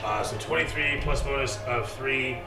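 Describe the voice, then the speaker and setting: A man narrating as dungeon master in a casual way, swearing often and filling pauses with "uh". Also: mid-range voice, gravelly. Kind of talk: narrating a tabletop game with shouted character voices. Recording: echoey room from far off, music behind.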